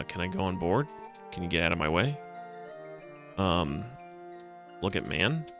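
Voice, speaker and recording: A man's voice: on the low side, pushed and bright. A man streaming a retro adventure game, joking around and reading the game's text aloud. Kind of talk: casual game commentary.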